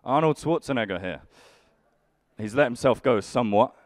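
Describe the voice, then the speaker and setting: A man's voice: mid-range voice, lively intonation, normal speed, no room sound. A young man doing live stand-up comedy, grumpily bantering with the audience in a dry way. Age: young adult. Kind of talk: live stand-up with crowd work.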